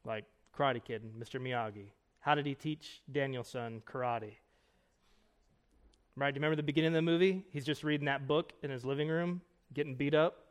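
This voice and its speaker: A man in his thirties, a pastor teaching at a conference breakout session in a casual, emphatic way, full of quick asides and rhetorical questions. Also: medium pitch. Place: conference room.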